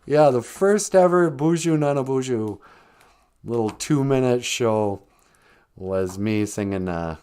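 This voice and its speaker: An older man hosts a relaxed live stream, spinning casual stories with frequent laughter. His voice swoops up and down with animated intonation, and he keeps things chatty and loose. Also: mid-range voice, unhurried, clear, resonant tone. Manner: chatty, laughs often, lively storytelling. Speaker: host.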